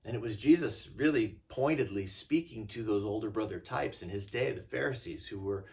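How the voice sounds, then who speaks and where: A male pastor giving a relaxed, conversational sermon and retelling a parable. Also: fairly low pitch, moderate pace, creaky, recorded from a distance. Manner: conversational and storytelling.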